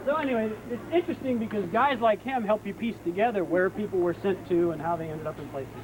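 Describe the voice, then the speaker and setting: A man guiding an outdoor battlefield tour, telling history as a lively story and acting out what people said. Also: high-pitched, fast talker. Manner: lively storyteller, acts out quotes. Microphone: hand-held camera. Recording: outdoor camcorder recording with noise.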